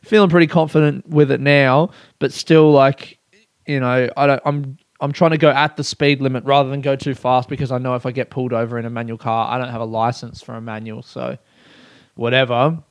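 Young man, candid podcast rant, swears a lot, smooth clear voice, dry close sound. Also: mid-range voice, level tone, fairly quick, no echo. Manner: rambling and profane, laughing at himself. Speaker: podcast host. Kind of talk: candid solo podcast monologue.

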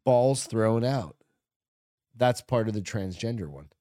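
A man's voice: fairly low pitch, expressive, a little slow, dark tone, dry recording, clean studio sound. Blunt, foul-mouthed man from New Hampshire. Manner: blunt, heavily profane. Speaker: podcast co-host. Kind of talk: casual chat.

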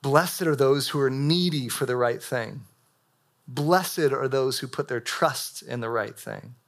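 A young adult man preaching a sermon to a live audience in a church hall, casual and animated, with frequent filler words. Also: mid-range voice, unhurried.

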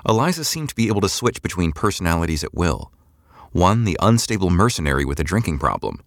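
A deep-voiced male audiobook narrator reads a scripted text in a measured, expressive storytelling style. The recording is dry and clean, studio-made.

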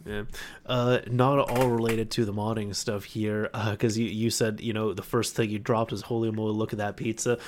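A man hosting a casual podcast, telling stories in a chatty, animated way. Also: on the low side, moderate pace, a little hiss or hum. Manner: chatty storyteller, animated retellings. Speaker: podcast host. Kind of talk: casual chat.

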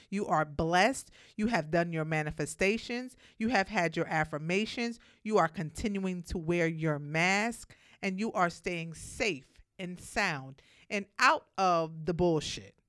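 A woman's voice: medium pitch, fairly bright tone, dry recording, clean studio sound. A woman from Brooklyn with a New York accent hosting her own podcast, talking in a blunt, outspoken, casual monologue and swearing freely. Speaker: podcast host.

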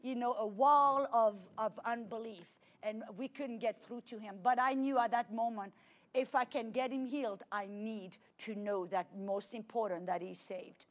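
A middle-aged woman with a French accent delivers a sermon testimony, her voice sitting a little high. She tells the story with vivid energy, rising loud and dropping to near hush. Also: moderate pace. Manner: animated storytelling with dramatic swings in loudness. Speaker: preacher.

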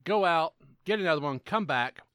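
A man co-hosting a casual podcast chat, ranting in an animated, profane way. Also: fairly high pitch, normal speed, smooth, dry recording, clean studio sound. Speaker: podcast co-host.

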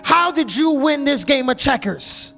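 A man's voice: extremely high pitch, expressive, measured pace, pushed and bright, faint music behind, pitched above the performer's own voice, full character voice. A man doing a baffled, upset preacher. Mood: incredulous. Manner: incredulous, pleading questions. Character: exasperated male preacher, losing a checkers game.

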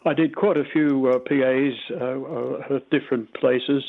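A man in his eighties with a mild Australian accent, a retired radio presenter reminiscing in an interview, rambling and halting with many fillers. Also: medium pitch, steady tone, vocal fry, phone-quality sound. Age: 80s.

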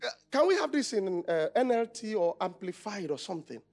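A man's voice: sits high, sing-song, brisk, gravelly, faint music behind. A Nigerian male pastor preaching a conference sermon, calling out questions for the congregation to answer. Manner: call-and-response, shouting questions.

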